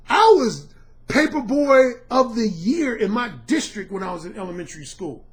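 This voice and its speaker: A man coaching on dating, delivering a heated, profane rant to camera with combative, repetitive challenges and frequent shouting. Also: extremely high pitch.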